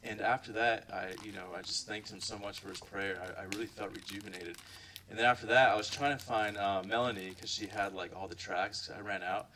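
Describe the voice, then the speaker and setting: Young man from Ohio, lowish bright voice, rambling church testimony, recorded from a distance. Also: steady tone, fairly quick, a little hiss or hum. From Ohio, USA. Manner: rambling, many fillers and "like". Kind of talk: casual spoken testimony to a group.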